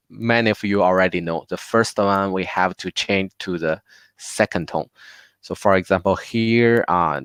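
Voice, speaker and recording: A man with a Chinese accent teaching a live online lesson, patiently repeating words slowly for his learners. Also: low-pitched, a bit bright, no room sound, studio quality. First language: Mandarin Chinese.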